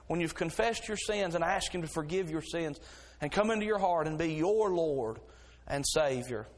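A middle-aged man delivers a sermon from the pulpit, his voice sitting a little high for a man. He tells homely stories in a relaxed, folksy way, then builds into fervent, insistent preaching. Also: moderate pace. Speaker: pastor.

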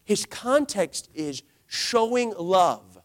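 A man preaching a sermon as pastor, swinging between loud declarations and hushed asides, drawing out key phrases for emphasis. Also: sits high, lively intonation, extremely slow.

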